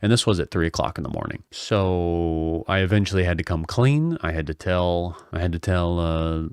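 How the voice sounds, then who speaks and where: A man's voice: deep voice, smooth, dry recording, clean studio sound. A man casually telling a personal childhood story in a chatty, self-mocking way, with wry asides to his listeners.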